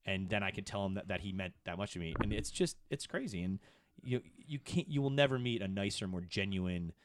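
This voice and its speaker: Lower-voiced man telling stories excitedly. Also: a little fast, background noise. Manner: excitable storyteller, swings to high animated peaks. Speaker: podcast producer. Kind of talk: casual chat.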